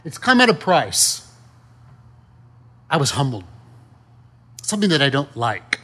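A man's voice: medium pitch, sing-song, unhurried, pushed and bright, husky. A man preaching a sermon in a conversational, folksy way, full of rhetorical questions and asides. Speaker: pastor.

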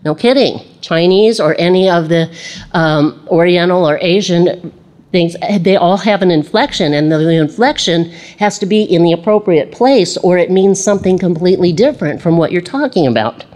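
A woman's voice: lowish voice, animated, moderate pace, a little mellow. Chatty woman teaching a Bible lesson. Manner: chatty, laughs and acts out quoted voices.

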